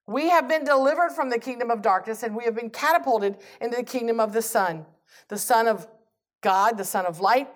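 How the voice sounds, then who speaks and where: Woman preaching a fervent sermon, kinda high voice, quoting scripture and getting loud on the big lines.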